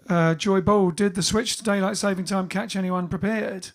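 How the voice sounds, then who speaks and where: A man's voice: high-pitched, fairly even intonation, normal speed, hardly any pauses. A man hosting a casual livestream from home, reading out viewers' greetings one by one in a chatty way. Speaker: bandleader and livestream host. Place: home during lockdown.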